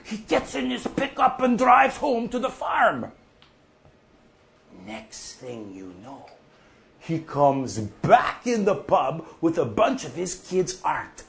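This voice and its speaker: A man playing a gravelly old farmer. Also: high-pitched, wildly swooping pitch, slow, full character voice. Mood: rambling. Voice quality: gravelly, folksy and profane. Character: older male prairie farmer off the drink, gruff storyteller. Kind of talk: monologue.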